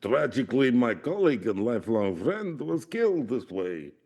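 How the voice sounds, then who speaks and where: A man's voice: medium pitch, sing-song, moderate pace, darkish tone, husky, voice pushed up. Man putting on a solemn Russian scientist. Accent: put-on Russian. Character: grave male Russian scientist recounting an expedition.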